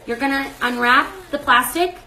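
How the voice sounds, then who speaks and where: A woman's voice: high-pitched, moderate pace, bright, forceful tone. A woman hosting a live cooking demonstration from her home kitchen, chatty and effusive, often breaking off mid-sentence. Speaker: cooking show host. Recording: echoey kitchen. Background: baby crying.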